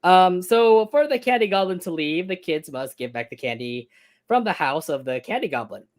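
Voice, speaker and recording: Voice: medium pitch, animated, moderate pace. Rambling cartoon fan co-host. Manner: rambling, asks the other host questions. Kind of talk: casual episode review chat.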